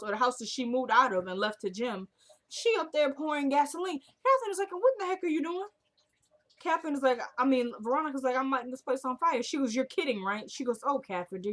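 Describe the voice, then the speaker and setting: A woman's voice: high-pitched, a bit bright. A young woman casually recapping a TV drama episode, retelling each scene by acting out the characters' lines.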